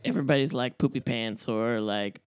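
A person chatting casually about a film, calmly correcting and adding plot details. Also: medium pitch, brisk, clean tone, no room sound. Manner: relaxed, corrects and adds details. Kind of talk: casual chat recapping a film.

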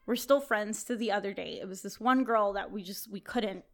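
Animated young woman telling a story. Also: medium pitch, moderate pace. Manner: animated, swears freely, laughs often. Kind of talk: casual storytelling chat.

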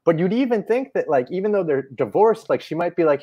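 A man's voice: high-pitched, animated, fairly quick, warm tone, slightly rough, lo-fi sound. A man co-hosting a podcast, retelling a film in casual, profane chat. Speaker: podcast co-host.

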